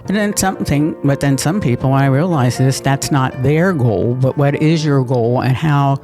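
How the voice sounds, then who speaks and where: An older woman, telling stories from her life as a mayor in a lively, laughing way, often repeating words as she restarts. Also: rumbling low, normal speed, music in the background. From Pennsylvania. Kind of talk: conversational storytelling interview.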